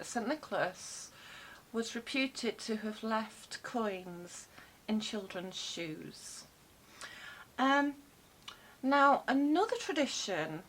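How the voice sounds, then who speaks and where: A woman's voice: a little high, fairly bright tone, a little hiss or hum, poor audio. A woman vlogging from home, chatting casually with many fillers and wry asides into a desk microphone. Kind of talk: casual rambling talk to camera. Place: home room with cats about.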